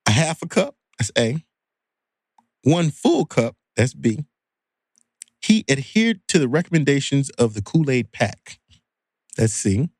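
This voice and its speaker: A man's voice: mid-range voice, sing-song, measured pace, pauses often, a little mellow, dry recording, studio quality. A man co-hosting a podcast, asking quiz questions in a playful game-show-host manner. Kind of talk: casual chat.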